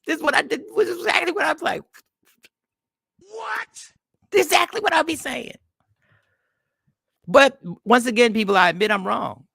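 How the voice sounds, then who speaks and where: A man hosting a podcast, telling rambling stories in a loose, animated comedic monologue. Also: extremely high pitch, a little fast, creaky, husky, dry recording, studio quality. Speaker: podcast host.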